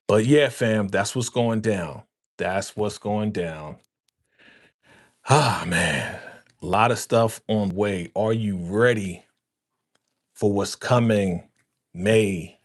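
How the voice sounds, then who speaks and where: A man hosting a casual live stream, talking loosely to his viewers and calling them fam, repeating himself often, on a podcast microphone. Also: on the low side. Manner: loose, repetitive, slangy, addresses viewers as fam. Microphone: podcast dynamic microphone.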